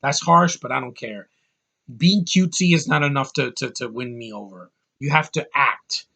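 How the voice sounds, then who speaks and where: A man's voice: medium pitch, normal speed, creaky, sharp tone. A man giving an angry, profane film review, full of sarcastic asides. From United States. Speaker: movie reviewer.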